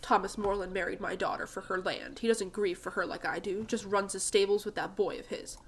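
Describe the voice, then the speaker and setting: Lady doing a gruff old farmer guy in a game, loud and curt, grumpy. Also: medium pitch, fairly even intonation, brisk, close to an everyday voice. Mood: bitter. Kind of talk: reading game dialogue aloud.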